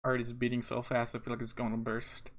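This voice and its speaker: A young man playing a visual novel, reading the text aloud and breaking off into animated, exasperated commentary with repeated phrases and laughs. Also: mid-range voice, a little fast. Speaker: let's play streamer.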